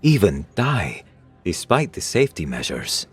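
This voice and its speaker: A man's voice: low-pitched, huge pitch swings, measured pace, husky, faint music behind, exaggerated voice. A man voicing a stocky, four-eyed alien who asks blunt, curious questions. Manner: blunt questioning, plain phrasing.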